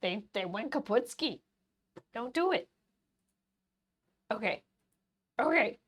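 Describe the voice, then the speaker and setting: A woman voicing a hyper, over-caffeinated cartoon frog in a silly, excitable stream voice. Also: on the high side, takes it slowly, heavily acted. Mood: giddy.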